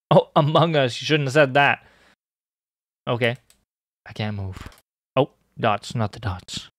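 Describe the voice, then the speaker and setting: A young man streaming a horror game, joking and excitable, bursting into high squeaky outbursts. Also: unhurried, long pauses, a little hiss or hum. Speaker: gaming streamer.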